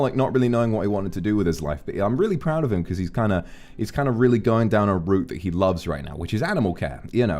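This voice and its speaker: A man streaming, telling rambling, profane stories about his friends in a casual chat. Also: low-pitched. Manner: rambling, profane, animated anecdotes. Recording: faint background music.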